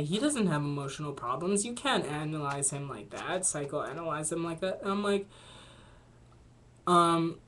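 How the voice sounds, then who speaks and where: Earnest young woman with a lowish voice. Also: slight background noise. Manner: earnest, thinking aloud with frequent "like" fillers. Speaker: vlogger. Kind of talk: casual vlog monologue.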